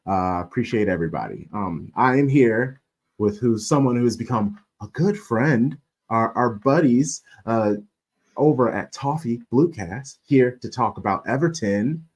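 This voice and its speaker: A man's voice: mid-range voice, lively intonation, measured pace, slightly rough. A man hosting a casual live-stream sports chat, playful and joking, laughing often. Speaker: podcast host.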